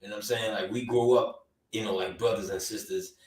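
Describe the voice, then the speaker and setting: A man's voice: lowish voice, fairly even intonation, brisk, a little hiss or hum. A man from Jamaica, co-hosting a podcast, telling a childhood story in casual chat with lots of "you know" fillers. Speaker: podcast co-host. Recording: roomy sound, distant from the mic.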